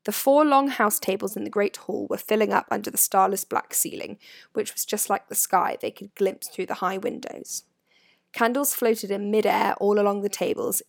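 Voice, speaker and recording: A woman narrating a storybook in an expressive, varied reading, recorded close to the mic. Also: medium pitch, vocal fry, dry recording. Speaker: audiobook narrator.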